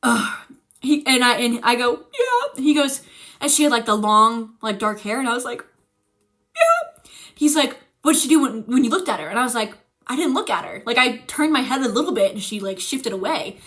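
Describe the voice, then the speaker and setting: Young woman, high voice, bright tone, animated swearing storyteller, teary-eyed, streaming mic. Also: a little fast. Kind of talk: casual chat, storytelling.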